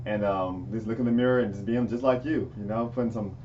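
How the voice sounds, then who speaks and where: A young man chatting with his father, relaxed, with many fillers like uh and man. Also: lowish voice, quick pace, far from the mic, muffled recording, a little hiss or hum. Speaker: guest, interviewer's son. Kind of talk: casual conversation.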